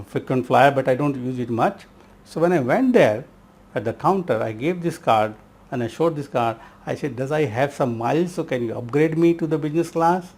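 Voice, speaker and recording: A man's voice: mid-range voice, a little mellow. A middle-aged man from India giving a spoken self-help lesson, emphatic and repeating key words, calling the listener his friend.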